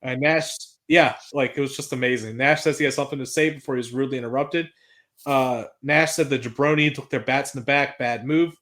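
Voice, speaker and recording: A man's voice: mid-range voice, fairly quick, slight background noise. Casual, cursing man recapping wrestling. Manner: excitable, swears freely, reads out promo quotes. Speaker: podcast co-host recapping wrestling.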